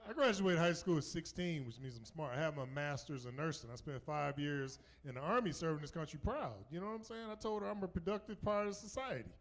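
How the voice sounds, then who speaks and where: Southern man in his 50s, stand-up comic, slightly high voice, loose and chatty, tags jokes with "right?". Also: fast talker, few pauses. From North Carolina, US. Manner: loose, conversational, keeps asking "right?" and laughing at his own jokes. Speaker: stand-up comedian. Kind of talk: stand-up comedy set. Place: comedy club stage. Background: audience laughter.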